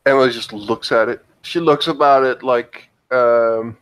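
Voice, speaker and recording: A man's voice: mid-range voice, steady tone, a little slow, a bit bright, clear, resonant tone. Man describing his character, hesitant. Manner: hesitant, joking, filler-heavy. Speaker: player. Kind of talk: casual tabletop play.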